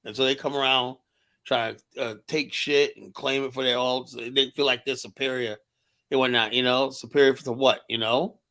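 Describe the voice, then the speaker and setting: A man's voice: medium pitch, fairly even intonation, normal speed, sharp tone. Casting: man, middle register, heated debater in a casual online talk. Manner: heated, argumentative, keeps asking "you know?". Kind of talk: casual live-stream debate.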